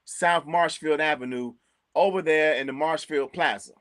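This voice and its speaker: Chicago guy, kinda high voice, talks fast and excited, stumbles on repeats, dry close mic. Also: dry recording. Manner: animated, repeats words, laughs often. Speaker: co-host recommending local restaurants. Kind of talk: casual chat.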